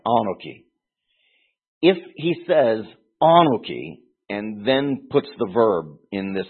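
A man's voice: lowish voice, slightly rough. A man teaching through a Bible passage in an earnest, explanatory way, often restarting phrases and pressing hard on key words. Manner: earnest, explanatory, with frequent restarts and emphatic stresses. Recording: tinny phone-like recording.

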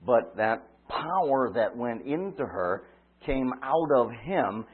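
Husky-voiced preacher on a tinny line. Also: male voice, medium pitch, expressive, slow pace. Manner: dramatic storytelling, shifts from loud cries to quiet asides. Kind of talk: sermon.

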